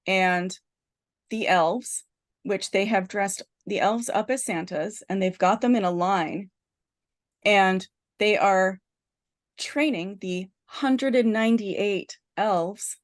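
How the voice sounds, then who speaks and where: Woman on a podcast gushing thru a movie plot, lots of like and um, middle pitch. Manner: animated storyteller, lots of "like" and restarts. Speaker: podcast host. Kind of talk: casual chat, retelling a film plot.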